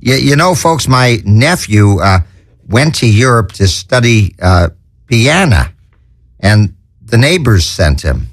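A man with a lowish voice hosts a homemade comedy show, reeling off corny one-liners at an unhurried pace. He stumbles and restarts, then chuckles at his own puns. The sound is close and dry. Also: very animated, no room sound. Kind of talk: corny stand-up patter.

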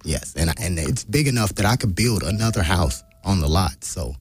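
Very deep, husky man arguing firmly. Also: animated, normal speed, no room sound. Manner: firm, assertive, repeats his claims. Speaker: discussion participant. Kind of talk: casual group discussion.

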